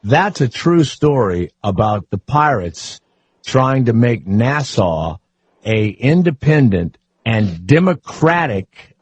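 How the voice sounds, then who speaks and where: A man hosting a talk radio show in a dry studio, his voice a little husky. He jokes and rambles through callers and guests with plenty of fillers. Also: mid-range voice, very animated, slow pace, dry recording. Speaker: radio host. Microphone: studio microphone.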